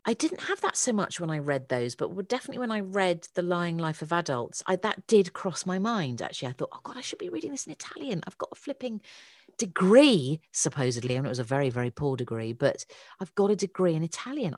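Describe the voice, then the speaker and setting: Deep-voiced enthusiastic woman. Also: sing-song, brisk, dry recording, studio quality. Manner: enthusiastic, self-deprecating, emphatic repeats. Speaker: guest author. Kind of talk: casual chat.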